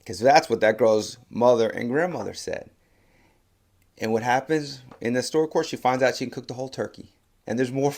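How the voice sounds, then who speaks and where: A man giving a motivational talk, telling a story and then reflecting slowly with soft pauses. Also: fairly low pitch, vocal fry. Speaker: motivational speaker.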